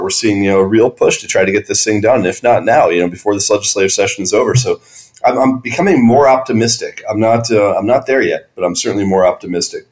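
A male podcast co-host talks in a relaxed, easygoing way, often pausing with fillers. His voice sits a bit low for a man. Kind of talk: casual chat.

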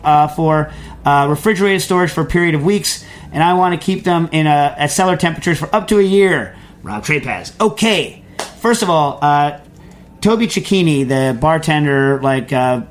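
Male host, mid-range voice, loose and digressive delivery, faint background hiss. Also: mid-range voice. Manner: rambling, self-correcting, digressive; chatty, technical explanations. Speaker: radio cooking show host. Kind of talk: casual unscripted radio talk.

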